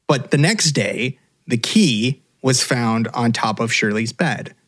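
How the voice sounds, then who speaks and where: A man's voice: mid-range voice, slow. A man co-hosting a casual podcast, recounting a case in a loose way full of fillers. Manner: relaxed, many fillers like uh and um. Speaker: podcast co-host telling the case. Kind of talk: casual storytelling chat.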